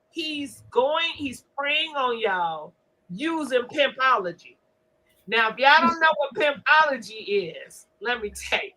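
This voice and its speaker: A high, bright woman's voice with a wide, lively swing of pitch. She rants bluntly and profanely, scolding her listeners with emphatic, mocking asides. The voice is forceful and sharp. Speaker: commentary vlogger. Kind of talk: profane ranting commentary.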